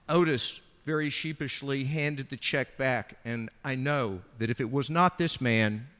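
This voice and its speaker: On a discussion panel, a male art dealer tells an anecdote with lively energy, quickly acting out each quote. His mid-pitched voice carries a long reverb tail from a large hall.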